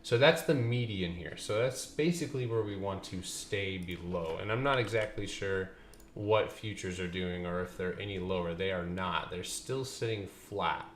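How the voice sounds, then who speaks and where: In an echoey room with light background noise, a low-voiced man speaks at a moderate pace while streaming stock charts. He trades loose banter with viewers, cracking jokes and swearing through the casual market commentary.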